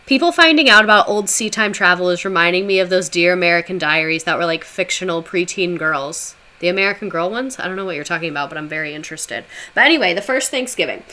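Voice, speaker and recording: A woman's voice: medium pitch, bright, forceful tone. A woman livestreaming a casual history talk, chatting with viewers in a sarcastic, chatty way with swearing asides.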